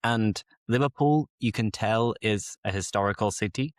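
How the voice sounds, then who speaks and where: A young man from England hosting a learners' podcast, talking in a fairly low voice. He explains local words with eager enthusiasm, stopping to define them. The sound is dry and close to the mic. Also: normal speed, no room sound. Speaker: English teacher and podcast host. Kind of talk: casual explanatory chat.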